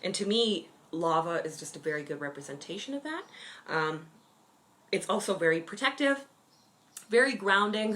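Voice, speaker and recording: A woman's voice: on the low side, fairly bright tone. A woman hosting a witchcraft livestream, chatting enthusiastically about crystals with plenty of fillers. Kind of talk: casual livestream talk.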